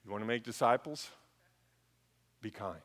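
Middle-aged male pastor, bright tense tone, storytelling sermon delivery. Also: on the low side, normal speed, in a large hall. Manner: storytelling, swings from hushed to loud.

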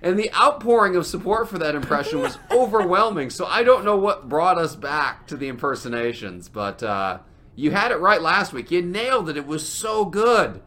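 A man co-hosting a comedy debate show, trading jokes in a dry, deadpan, sarcastic way. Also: on the high side, normal speed. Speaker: podcast co-host. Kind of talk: comedic banter.

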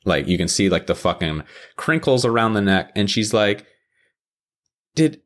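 A man's voice: big pitch swings, unhurried. Profane, fired-up man ranting. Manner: profane, exasperated, jumps into high-pitched mock quotes. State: hyped up. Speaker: podcast host. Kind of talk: casual ranting show recap.

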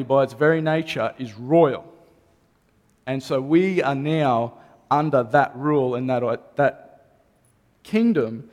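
A man, a pastor, preaching a sermon earnestly and repeating key phrases for emphasis. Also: mid-range voice. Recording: long reverb of a hall.

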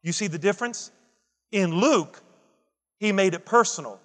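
A man's voice: sits high, expressive, normal speed, long pauses, a bit bright, big-room sound. A man preaching a Father's Day sermon, emphatic and repetitive, building intensity as he quotes scripture. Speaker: pastor.

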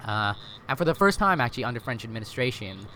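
A man talks through history in a relaxed podcast conversation, peppering his points with fillers and quick self-corrections. He often checks in with "right?" as he goes. Faint background noise sits under the voice. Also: mid-range voice. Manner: chatty, many fillers and self-corrections, tag questions. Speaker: podcast guest explaining history. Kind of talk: casual history podcast chat.

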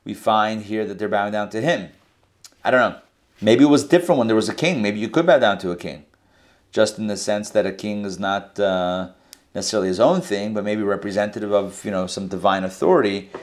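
A man leading an informal Bible class, explaining verses in a conversational, think-aloud way. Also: lowish voice. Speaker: Torah teacher.

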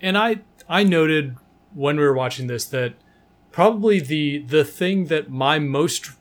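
A man in his thirties co-hosting a podcast, talking in a thoughtful, measured way and chiming in with agreement. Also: a little high, expressive. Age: 30s. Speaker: podcast co-host. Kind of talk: casual discussion.

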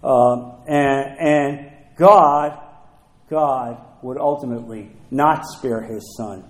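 A man preaching a sermon as pastor, emphatic, repeating key phrases and slowing down to read scripture aloud. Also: mid-range voice, roomy sound, low-quality recording.

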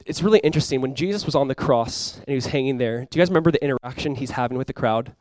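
Animated, fast-talking male pastor. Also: mid-range voice, no room sound. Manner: animated, acts out quoted voices, repeats himself. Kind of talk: sermon.

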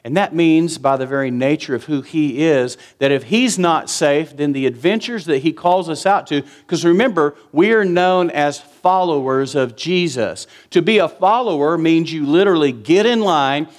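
A man's voice: a little high, normal speed, few pauses. A man, preaching a sermon in an earnest, conversational way with emphatic repetition. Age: 50s. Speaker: pastor.

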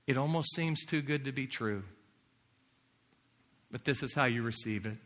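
A man preaching a sermon in earnest, sometimes dropping to a hushed near-whisper. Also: mid-range voice, moderate pace, pauses often. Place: large hall or chapel. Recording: long hall reverb.

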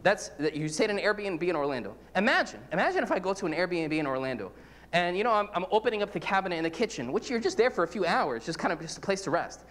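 A man's voice: sits high, sing-song, fast, a bit bright, big-room sound. A man, a priest, preaching an earnest, conversational sermon, full of repetitions and everyday examples.

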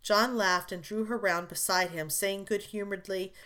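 Female audiobook narrator; measured, expressive reading of a classic novel. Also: mid-range voice.

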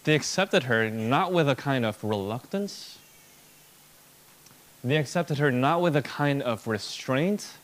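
Lively, emphatic male preacher. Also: mid-range voice. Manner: emphatic, repetitive rhetorical build-ups. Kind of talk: expository sermon.

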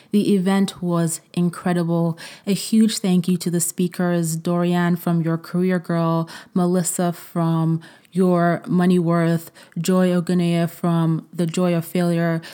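A woman's voice: fairly low pitch, a little mellow. A woman in her thirties hosting a solo podcast, talking effusively and emotionally, with frequent fillers and repeated words. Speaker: podcast host.

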